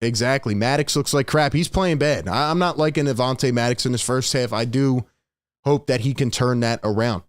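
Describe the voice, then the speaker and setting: A man's voice: medium pitch, normal speed, smooth, no echo, clean studio sound. A man hosting a live halftime reaction stream, talking emphatically and often repeating his points out of frustration. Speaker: sports show host.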